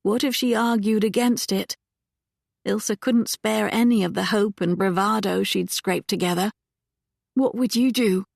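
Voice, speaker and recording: A woman narrating a historical romance audiobook in a calm, measured manner. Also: mid-range voice, vocal fry, no echo, clean studio sound. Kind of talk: scripted narration.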